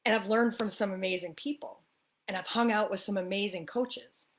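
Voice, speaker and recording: A woman with a mid-range voice speaks at a normal pace with fairly even intonation. She's a spiritual life coach from the US East Coast, addressing the camera in a relaxed coffee-talk monologue, upbeat and chatty, laughing easily and often tossing in "right?"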